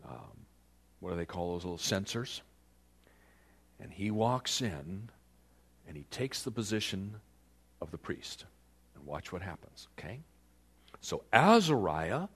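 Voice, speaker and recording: Husky, animated male preacher. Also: lowish voice, unhurried. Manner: animated storytelling, asks the listeners questions. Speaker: pastor. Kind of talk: sermon.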